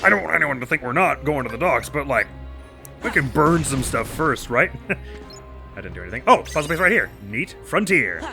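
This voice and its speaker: A man's voice: fairly high pitch, sing-song, normal speed, vocal fry, over music. A man hosting a let's play, chatting playfully over the game and making goofy sound effects. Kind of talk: gameplay commentary.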